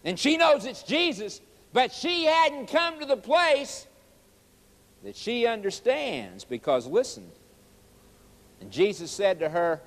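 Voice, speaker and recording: A man preaching in a high, lifted voice, driving his points home with emphatic questions and quoted scripture. His words ring out with a long reverb trailing behind them. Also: very animated, takes it slowly. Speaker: evangelist. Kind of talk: sermon.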